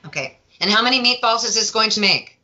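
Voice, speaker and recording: A woman's voice: fairly high pitch, expressive, fast talker, pushed and bright, dull audio. A woman from Vancouver co-hosting a cooking segment, chatty and joking, asking many questions. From Vancouver, Canada. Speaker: co-host. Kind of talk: casual chat.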